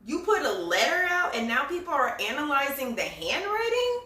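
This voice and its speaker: A woman's voice: high-pitched, sing-song, moderate pace, pushed and bright, recorded from a distance. A woman giving casual, profane commentary, sarcastic and repeating lines for emphasis. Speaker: political commentary vlogger. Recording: echoey room, voice somewhat off mic.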